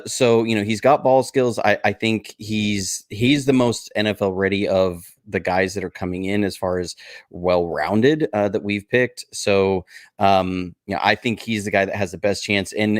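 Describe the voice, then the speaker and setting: A man appearing as a guest on a casual sports podcast, talking hesitantly and filling pauses with "uh" and "you know.". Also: on the low side, dry recording, clean studio sound. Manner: hesitant, lots of fillers. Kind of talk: casual chat.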